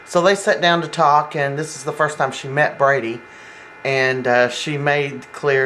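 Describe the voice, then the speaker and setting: Casual soap recapper, mid-pitched, rambling with fillers, faint background hiss. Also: fairly even intonation, a little slow, fairly bright tone, rough recording. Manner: rambling, acts out quoted lines, many fillers.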